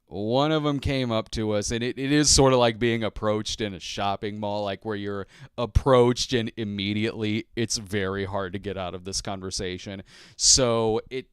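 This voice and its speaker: A man's voice: lowish voice, steady tone, normal speed, clean tone, no echo, clean studio sound. A man hosting a podcast, telling a rambling, casual story with chuckles, sometimes acting out what others said. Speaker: podcast host.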